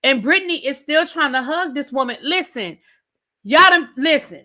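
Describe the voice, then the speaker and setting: A woman's voice: sits high, animated, normal speed, sharp tone. A woman hosting a reality TV recap, ranting in a sassy, conversational way and talking straight to her viewers. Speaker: TV recap host. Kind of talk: animated reality TV rant.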